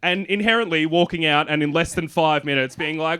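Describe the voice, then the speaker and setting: A man's voice: high voice, fairly quick, few pauses, bright, forceful tone, clear, resonant tone. A man with an Australian accent doing a self-deprecating stand-up comedy set on a club stage with a handheld mic. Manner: dry, self-deprecating delivery. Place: comedy venue with live audience.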